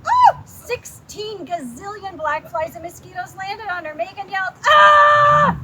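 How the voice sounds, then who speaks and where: A Canadian woman, a librarian storyteller, reading a picture book aloud outdoors with animated asides. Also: very high voice, normal speed. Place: outdoors, windy. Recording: loud outdoor wind noise.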